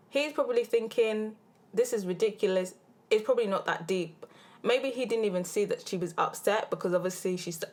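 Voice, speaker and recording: A British woman hosting a casual reality TV recap, blunt and animated with plenty of slang, recorded on a handheld recorder. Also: medium pitch. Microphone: handheld field recorder.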